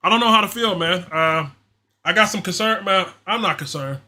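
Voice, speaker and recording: A man hosting a fan livestream gives casual play-by-play and rants with frustrated, slangy, repetitive reactions. His voice is high-pitched and sharp, at a moderate pace.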